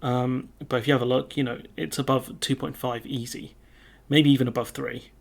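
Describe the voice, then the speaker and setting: A man riffing on the news as a political commentator, sardonic and loose, full of filler words. His voice sits at an ordinary pitch and has a gravelly, fry-laden edge. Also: flat delivery, normal speed.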